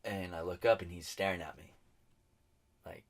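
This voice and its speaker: Man, low voice, podcast co-host, casual storytelling, swearing, acts out quotes. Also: fairly even intonation, moderate pace. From New Mexico, US.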